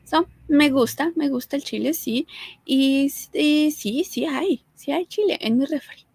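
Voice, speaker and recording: A woman's voice: high-pitched, moderate pace, a little mellow, dry recording, rough recording. A young woman from Mexico with a Mexican accent, teaching a casual Spanish lesson and mixing Spanish with English in a chatty way. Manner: switches between Spanish and English, chatty with light laughs.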